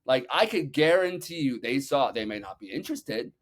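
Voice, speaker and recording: A man guest on a podcast, telling energetic stories with loose swearing and many "like"s. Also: medium pitch. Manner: energetic, acts out quotes, talks fast with many "like"s. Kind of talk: animated storytelling, casual swearing.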